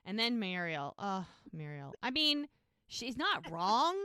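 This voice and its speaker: A woman's voice: fairly high pitch, slow pace, dry recording, clean studio sound. A woman co-hosting a podcast, casually retelling show scenes and acting out the characters' lines. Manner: retells scenes, quoting characters in animated voices. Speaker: podcast co-host. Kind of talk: casual recap chat.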